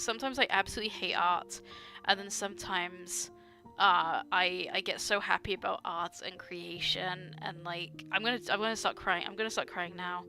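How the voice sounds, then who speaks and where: A woman's voice: medium pitch, sharp tone. A young woman chatting casually while drawing on stream, rambling with many fillers and frequent laughs, gushing about art. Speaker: artist streamer.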